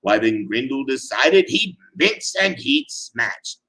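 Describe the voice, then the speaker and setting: A man's voice: mid-range voice, sing-song, slow pace, bright, forceful tone, poor audio. A man giving a dramatic reading of a rhyming tale with a theatrical, sing-song delivery. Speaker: reader.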